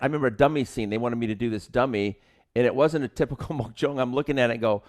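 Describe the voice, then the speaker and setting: A man's voice: medium pitch, fast talker. A man co-hosting a martial arts podcast, telling film-set anecdotes in casual chat and acting out the quotes with laughter.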